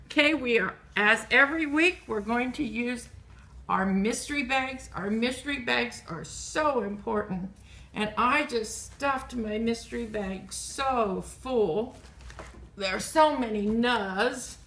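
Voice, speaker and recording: Woman teacher, gravelly bright voice, unhurried phonics lesson, drawing out each sound. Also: on the high side. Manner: slow, drawn-out sounding out of letter sounds. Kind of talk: early reading lesson for children.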